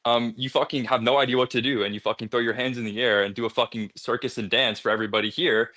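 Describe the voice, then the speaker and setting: A man's voice: medium pitch, fairly even intonation, quick pace, bright, forceful tone. A man arguing in a heated online debate, aggressive, mocking and full of profanity.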